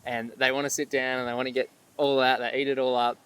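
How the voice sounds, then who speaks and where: Flat-voiced young man, earnest guest. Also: medium pitch, fast, clear, resonant tone. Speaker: guest, media missionary. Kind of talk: casual interview chat.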